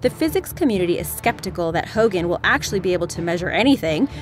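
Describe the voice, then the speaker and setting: A woman reads a scripted science explainer in a brisk, wry way. Her pitch moves a lot as she speaks. Clear music plays behind her, since the video is played over the stream. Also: expressive.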